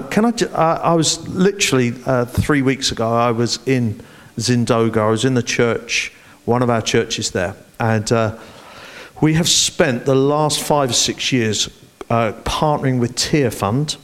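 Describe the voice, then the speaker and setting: A man, a church leadership director, speaking animatedly and playfully in an onstage interview in front of a congregation. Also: mid-range voice.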